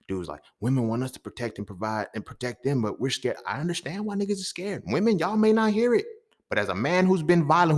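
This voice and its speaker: A man hosting a podcast, telling a story in an animated, profane way that swings between loud outbursts and muttered asides. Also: on the low side. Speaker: podcast host. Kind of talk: storytelling monologue.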